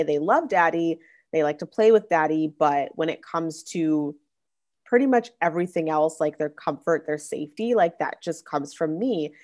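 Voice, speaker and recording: Young woman host, relaxed talky delivery with filler-heavy restarts, voice sitting slightly low. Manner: chatty, many "like" fillers and restarts. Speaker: podcast host. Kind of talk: casual faith-based parenting monologue.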